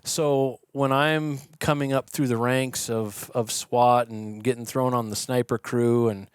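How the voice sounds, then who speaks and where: A man with a mid-pitched voice talks through shooting technique as a podcast guest, lively and chatty. He explains in a casual way and acts out the people he quotes. The sound is dry and close, with no room echo. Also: a little slow, clean tone. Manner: animated storyteller, acts out quoted yelling. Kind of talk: conversational explaining. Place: podcast studio.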